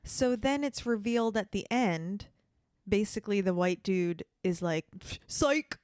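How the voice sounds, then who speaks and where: A woman's voice: medium pitch, expressive, unhurried, a little mellow, smooth, no echo, studio quality. A woman co-hosting a podcast, chatting casually with questions and jokes. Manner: questioning, joking. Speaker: podcast co-host. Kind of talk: casual chat.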